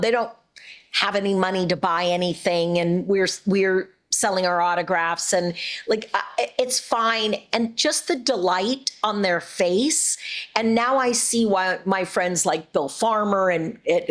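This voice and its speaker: A middle-aged woman voice actress chatting as an interview guest, warm and rambling with frequent restarts. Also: medium pitch. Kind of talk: casual interview chat.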